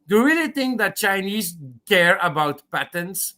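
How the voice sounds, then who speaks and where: A man's voice: high voice, sing-song, moderate pace, bright, forceful tone. A man from Belgium on a video call in a heated live debate, restarting his points and swearing. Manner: repetitive, restarts with "the thing is", swears. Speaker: call-in panelist.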